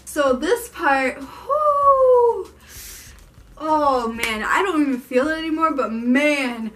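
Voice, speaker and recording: A woman's voice: high voice, lively intonation, slow, a bit bright. A young woman telling a personal story on her vlog, frank and emphatic, swearing freely. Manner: frank and profane, lots of swearing; fired up and emphatic. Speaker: vlogger.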